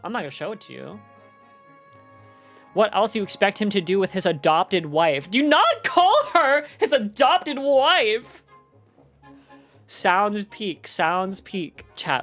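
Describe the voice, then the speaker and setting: A young adult woman streaming live, chatting casually in a slangy, rambling way, full of "like" and "dude". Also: fairly low pitch.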